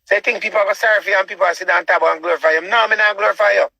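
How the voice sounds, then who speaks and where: A man with a Jamaican accent delivers a preachy rant. He repeats himself and keeps asking rhetorical questions. His voice sits a little high and sounds husky, with a sharp, forceful edge in a dry, close setting. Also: steady tone, very fast, dry recording, poor audio. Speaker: online show host. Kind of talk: ranting commentary.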